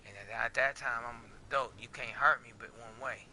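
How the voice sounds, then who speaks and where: A man's voice: mid-range voice, fairly even intonation, brisk, bright, forceful tone, slight background noise. A man, a podcast host giving a candid, emotional monologue in a blunt and profane way.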